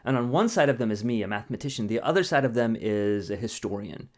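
A man's voice: mid-range voice, quick pace. A man, a mathematician, explaining ideas conversationally with analogies, often checking in with a rhetorical "right?". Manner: animated, asks rhetorical questions and tags "right?". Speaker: mathematician guest.

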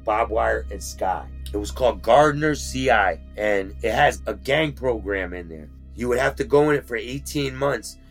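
Gravelly man telling a prison story. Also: medium pitch, moderate pace, few pauses, faint music behind. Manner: street slang, animated retelling. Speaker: former inmate telling his story. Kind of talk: casual storytelling.

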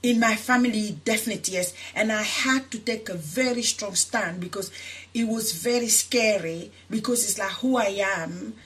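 In an interview, an activist of Senegalese origin who grew up in France relates her personal story with earnest emotion, starting over many times. She speaks at a normal speed in a medium-pitched, somewhat bright voice.

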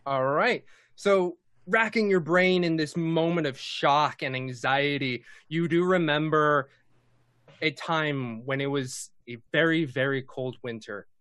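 A man narrating as game master, slow and measured, with frequent hums and ums. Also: on the high side, a bit bright, clear, resonant tone, no room sound.

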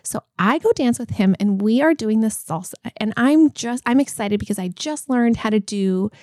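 Animated woman telling a story, dry sound. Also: a little high, normal speed, dry recording. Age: 40s. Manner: animated storytelling, laughs often. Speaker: podcast co-host. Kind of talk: casual chat.

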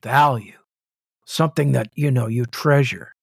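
Slow, deliberate man teaching scripture. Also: mid-range voice, creaky, breathy edge, no room sound, clean studio sound. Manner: slow, deliberate, repeats and spells out words. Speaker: Bible teacher. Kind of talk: Bible study teaching.

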